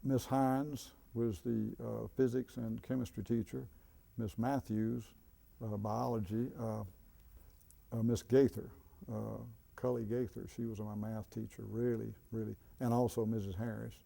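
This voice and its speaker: An older man in an interview, recalling his school teachers in a halting way, with many fillers. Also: fairly low pitch, flat delivery, gravelly, warm tone. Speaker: interviewee, former student. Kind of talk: reminiscing interview.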